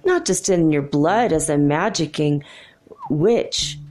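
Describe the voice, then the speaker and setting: A woman's voice: deep voice, animated, slow pace. A woman hosting a live spirit-channeling session, chatty and self-deprecating, often laughing. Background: soft guitar music.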